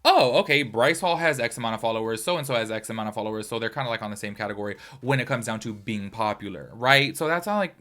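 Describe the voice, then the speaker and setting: Speaking at medium pitch with a sharp tone, the commentary host talks fast and barely pauses. His casual, rambling chat to camera is full of "like" and "do you know what I mean."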